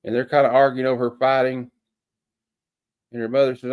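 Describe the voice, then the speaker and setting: A man's voice: medium pitch, little pitch movement, a little fast, clean tone, phone-quality sound. A man casually reviewing a comic, rambling along with many fillers and folksy sayings.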